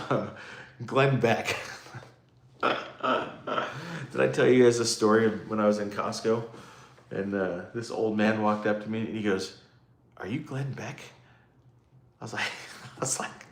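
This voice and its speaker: A man with a fairly low voice runs a relaxed livestream, wandering from topic to topic, teasing himself, and responding to live comments. The audio carries an echoey room.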